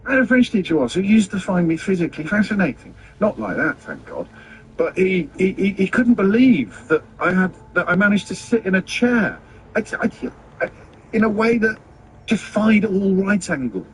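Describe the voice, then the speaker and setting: A middle-aged man hosting a morning radio talk show, telling rambling self-deprecating anecdotes with many halting restarts. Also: sits high, very animated, slight background noise, rough recording. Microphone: studio microphone.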